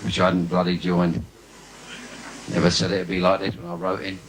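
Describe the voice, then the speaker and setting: A man doing bawdy stand-up in a live cabaret, brash and cheeky, now and then breaking into shouted asides. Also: deep voice, monotone, moderate pace. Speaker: stand-up comedian. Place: live theatre stage with audience. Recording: noisy live 1980s theatre recording.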